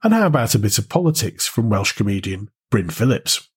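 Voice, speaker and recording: A man hosting and narrating a retro show, speaking in a measured storytelling way with rhetorical questions. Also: lowish voice, very animated, very noisy. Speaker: host and narrator. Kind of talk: scripted narration.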